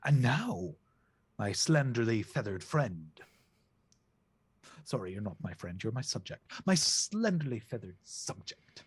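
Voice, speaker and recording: A man voicing a pompous, greedy male goose king who dotes on shiny things, in a husky voice. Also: medium pitch, very animated, unhurried, dry recording, exaggerated voice. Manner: regal, doting over shiny things.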